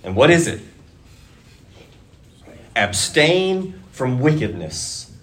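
A man preaching a sermon to a congregation, deliberate and measured, rising to emphatic urging at key points. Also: mid-range voice. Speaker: pastor.

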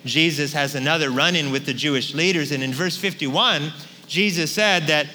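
A man preaching a sermon as pastor, speaking conversationally and often checking in with his listeners with a quick "right?". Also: fairly high pitch, pushed and bright. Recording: long hall reverb, faint hum.

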